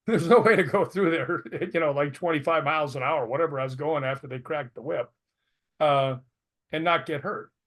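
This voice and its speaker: An older man with a voice that sits a little high for a man talks as a guest in a relaxed interview. He is an animated storyteller who laughs easily and acts out what everyone said. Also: moderate pace. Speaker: interview guest, retired stuntman.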